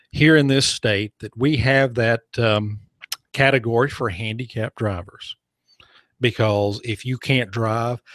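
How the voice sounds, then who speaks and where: A man's voice: mid-range voice, no room sound, clean studio sound. Sarcastic rambling male radio host. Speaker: radio talk show host. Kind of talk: opinionated talk radio monologue. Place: radio studio. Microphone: studio microphone.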